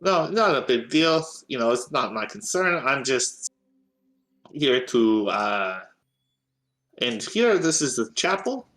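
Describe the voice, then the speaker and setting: A man's voice: medium pitch, very animated, takes it slowly, fairly bright tone. A man narrating a tabletop game as game master, hesitant and full of filler sounds.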